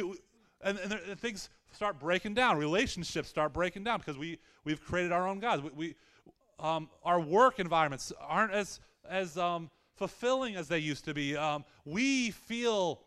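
A man's voice: high voice, fairly bright tone, smooth. A middle-aged man preaching a conversational sermon, often repeating words and asking the congregation questions. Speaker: pastor.

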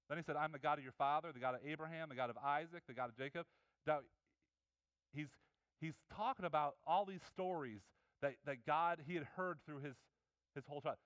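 A man preaches a sermon in an earnest, conversational way, often restarting his sentences. His voice sits high and comes across smooth and resonant. The sound is dry and close. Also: a bit bright, dry recording. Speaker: pastor.

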